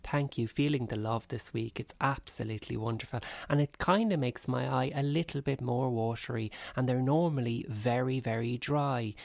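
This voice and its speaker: A man's voice: medium pitch, moderate pace, creaky, few pauses, dry recording, clean studio sound. A man co-hosting a podcast, teasing and sarcastic in casual banter. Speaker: podcast co-host.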